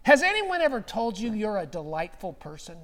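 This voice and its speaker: A man's voice: high-pitched, wildly swooping pitch, moderate pace, a bit bright, full character voice. A man voicing a chatty, effusive woman shopkeeper, eager to please, while retelling a story in a sermon.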